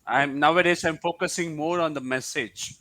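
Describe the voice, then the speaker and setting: A man's voice: fairly high pitch, moderate pace, sharp tone. Hesitant non-native English man. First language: not English. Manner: hesitant, with many fillers and restarts. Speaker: guest, English learner. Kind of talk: casual video call chat.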